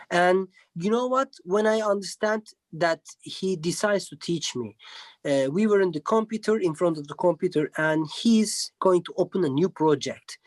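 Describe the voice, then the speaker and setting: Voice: mid-range voice, dry recording. List. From Turkey. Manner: halting, searching for words, many fillers. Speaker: guest musician. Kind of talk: casual interview chat.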